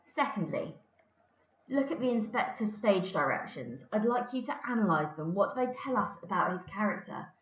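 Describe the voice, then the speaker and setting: A woman's voice: mid-range voice, lively intonation, moderate pace. A woman English teacher giving a recorded lesson, explaining patiently with the odd filler. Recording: roomy, dull lo-fi recording.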